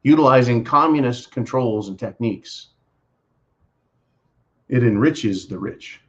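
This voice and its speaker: A man's voice: mid-range voice, a little slow, muffled recording. A man hosting his own show, answering viewer comments in a profane, sarcastic political rant, mocking others with put-on voices. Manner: sarcastic, swearing, mocking voices when quoting.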